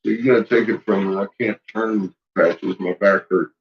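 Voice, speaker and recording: A man's voice: on the low side, steady tone, moderate pace, highs cut off. A man at home talking to his pets in a playful, teasing way, baby-talking the dog and swearing casually. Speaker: pet owner.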